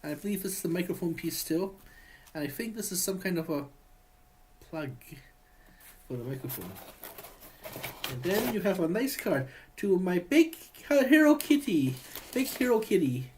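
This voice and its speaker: A man talking into the camera in a personal video message, his pitch swinging widely as he rambles. He stops and restarts often, circling back to finish his thoughts. His tone stays affectionate, and a faint hiss sits under his voice. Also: sing-song. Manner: rambling, halting, many restarts; affectionate, addresses partner as honey. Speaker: vlogger.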